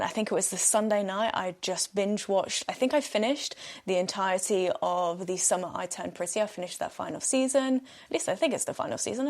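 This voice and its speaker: A young woman hosting a solo podcast, chatting casually and often breaking into giggles. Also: mid-range voice. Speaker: podcast host.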